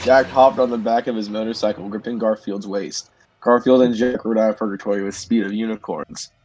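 A man reading a silly fan story aloud as a podcast host, flat and mock-serious. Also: fairly low pitch, brisk, low-quality recording.

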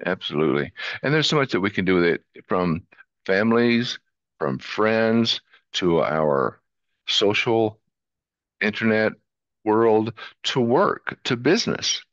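A man's voice: lowish voice, sing-song, takes it slowly, fairly bright tone, no echo, muffled recording. A man with a Southern US twang, a podcast guest talking earnestly and listing ideas one after another. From southern United States. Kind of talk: interview conversation.

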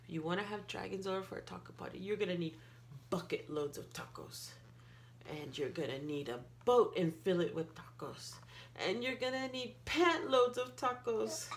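A woman reading a picture book aloud to a child, playful, with gasps and excited outbursts. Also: medium pitch, normal speed, slight background noise. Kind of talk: animated read-aloud storytelling.

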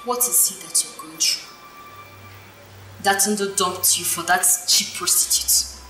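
A woman's voice: fairly low pitch, steady tone, a little slow, pushed and bright. A woman playing a blunt friend who scolds and mocks sarcastically. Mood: sarcastic. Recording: roomy, distant, music underneath.

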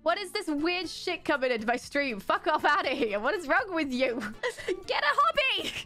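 Young woman streamer reacting to clips, high voice that jumps all over, laughs a lot, swears, bit of music under it. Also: moderate pace. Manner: excitable, laughs often, swears freely. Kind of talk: casual reaction commentary.

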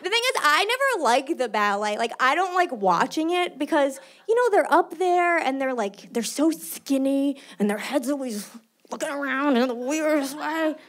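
Brash, high-voiced New comedian. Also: female voice, very animated, moderate pace, hardly any pauses. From New York. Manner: brash, conversational, loud. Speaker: stand-up comedian. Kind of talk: stand-up comedy set. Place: stage before a live audience. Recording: live set with audience noise.

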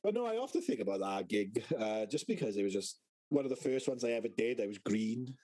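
A man's voice: on the low side, animated, fairly quick, dark tone, low-quality recording. A British man co-hosting a podcast, telling rambling stories in casual chat and swearing a lot. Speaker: podcast co-host.

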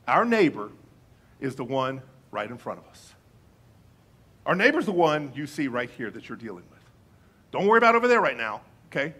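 Male pastor, higher-pitched husky voice, animated conversational sermon. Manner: conversational, animated, swings from loud emphasis to quiet asides.

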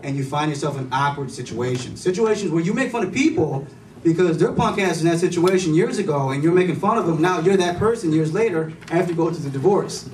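A man on a club stage telling a rambling comic story in a slightly high voice, loose and chatty with plenty of fillers. He sounds far from the mic in a roomy, echoing space, with the room's murmur clearly underneath. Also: lively intonation, quick pace, a little mellow, slight background noise. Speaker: stand-up comedian. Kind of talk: stand-up comedy set. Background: room ambience and audience laughter.

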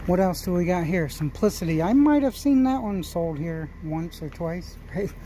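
A man's voice: high voice, animated, normal speed, warm tone, slight background noise. A man hosting his own channel, chatting and musing aloud in casual commentary as he walks through an outdoor equipment auction yard. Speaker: small-engine flipping channel host.

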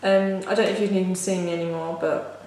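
A woman's voice: lowish voice, fast. Gushing young woman in an echoey room. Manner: excitable and gushing, many "like" fillers. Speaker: vlogger. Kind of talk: casual unboxing vlog. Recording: very echoey room, faint hiss.

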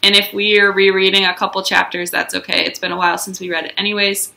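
A young woman teacher reading a children's book aloud to her first graders with expressive storytelling. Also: mid-range voice, quick pace, creaky.

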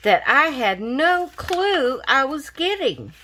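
A woman, gushing and excited as she opens craft mail in a casual vlog. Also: high voice, slow. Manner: gushing, excited, repeats thanks. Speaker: craft vlogger.

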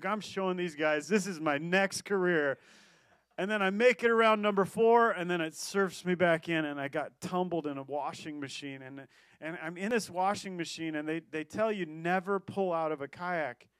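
A pastor preaching a sermon, telling a personal story in a lively, animated way with quick restarts. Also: male voice, a little high, clean tone, no room sound.

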